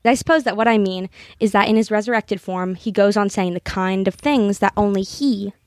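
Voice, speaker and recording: A young woman from Los Angeles co-hosting a casual chat, laughing often and reading a book passage slowly and earnestly. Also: medium pitch, dry recording, clean studio sound. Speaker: podcast co-host.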